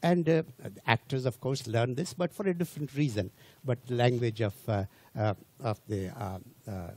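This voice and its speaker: An older man whose first language is Hindi, giving a lecture to a general audience in an animated, digressive way, with rhetorical questions and frequent restarts. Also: mid-range voice.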